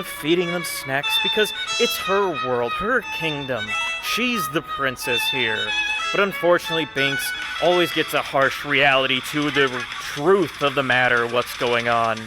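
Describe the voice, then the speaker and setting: A man's voice: fairly high pitch, rough recording. A man giving mocking reaction commentary over a clip, sarcastic and scornful in tone.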